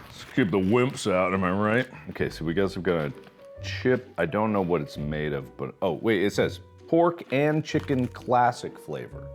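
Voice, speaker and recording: A man's voice: sits low, sing-song, normal speed, soft background music. A man in his thirties hosting a casual snack review, joking and rambling, sometimes talking with his mouth full. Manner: jokey, rambling, talks while chewing.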